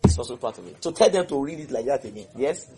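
A man's voice: mid-range voice, lively intonation, quick pace, crowd noise. A man leading a Bible study, repeating verses and quizzing his listeners. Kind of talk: interactive Bible teaching.

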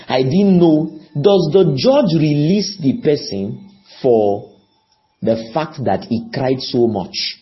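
A man preaching a sermon, pleading with his listeners and often asking them questions. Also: muffled recording. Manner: pleading, rises on key words then drops low; repeats and asks the audience questions.

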